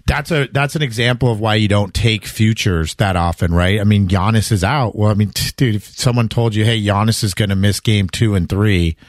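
Chatty low-voiced man, dry sound. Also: brisk, hardly any pauses, no room sound. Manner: chatty, acts out quotes in a raised voice. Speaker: podcast co-host. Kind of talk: casual sports betting chat.

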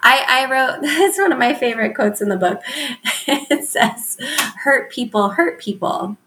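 A woman's voice: high voice, animated, unhurried, pushed and bright. A woman who is an author and teacher, a podcast guest who talks in a bubbly way, laughs often and says "like" a lot. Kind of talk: casual interview chat.

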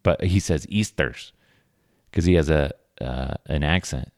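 A man's voice: rumbling low, unhurried, dry recording, studio quality. A man in his thirties hosting a podcast, telling rambling stories about his kids in a casual chat. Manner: rambling, animated storytelling with laughs. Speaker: podcast host.

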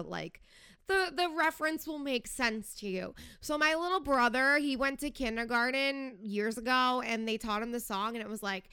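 A woman's voice: fairly high pitch, bright, forceful tone, smooth, no room sound, clean studio sound. Fired-up young woman podcast host. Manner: chatty and fired up, sarcastic, heavy filler "like". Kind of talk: casual reality TV gossip rant.

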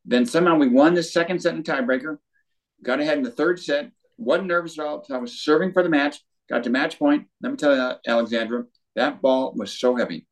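An older man, a former tennis pro, telling a story in an interview with lively quoted voices. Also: a little high, fairly quick. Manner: animated storyteller with acted quotes.

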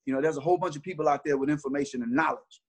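A man's voice: fairly high pitch, fairly even intonation, very fast. A middle-aged man, a basketball trainer, telling stories in a casual interview with earnest, repeated restarts.

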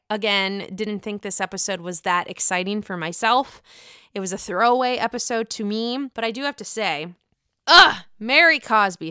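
Young woman, sassy, swearing, casual chat, bright tone, dry recording. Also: mid-range voice, smooth, no room sound. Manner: sassy, expressive, swears freely. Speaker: podcast host recapping reality TV.

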